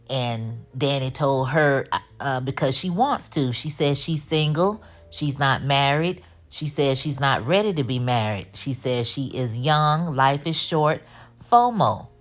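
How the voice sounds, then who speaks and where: A woman giving a casual, animated recap of a TV episode, full of slang and her own commentary. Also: low voice. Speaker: TV recap host.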